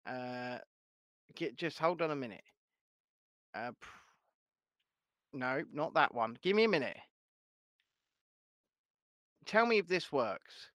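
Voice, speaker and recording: Bright-voiced, slow-talking man hosting. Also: mid-range voice, expressive, no room sound. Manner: swears a lot, laughs often, banters. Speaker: livestream host. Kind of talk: casual live chat.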